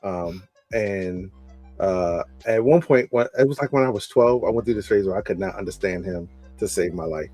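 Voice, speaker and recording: A man from Maryland co-hosting a podcast in casual chat, laid-back and slangy, often trailing off quietly. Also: deep voice, normal speed, no echo, faint music behind. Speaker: podcast co-host.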